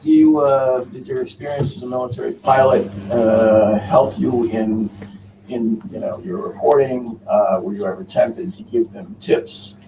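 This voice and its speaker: Hesitant gravelly man asking a question. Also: medium pitch, unhurried, dark tone, slight background noise. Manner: hesitant, full of fillers. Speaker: audience member asking a question. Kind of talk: question from the floor. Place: lecture hall. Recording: roomy audio from far off.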